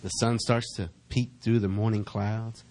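A middle-aged man preaching a sermon as pastor, reading verses slowly and building in intensity, calling on the congregation to answer back. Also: fairly low pitch, level tone, a little mellow, slight background noise. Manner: calls for congregation responses.

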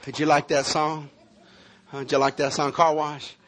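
A man preaching with a high-pitched voice, moving between earnest prophetic declarations and animated storytelling. His delivery is lively and expressive. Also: normal speed, noisy background. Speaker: pastor. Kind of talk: sermon.

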